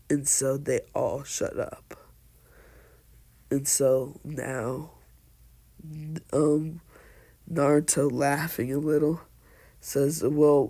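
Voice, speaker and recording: A man's voice: a little high, dark tone. A man casually retelling a fan story, rambling and hesitant, stringing events together with "and so then.".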